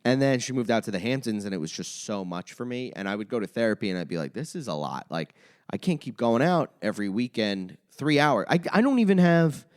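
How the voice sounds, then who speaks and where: A young man and comedian chatting casually as a podcast guest, telling an animated story and swearing a lot. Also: medium pitch, brisk. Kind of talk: casual chat.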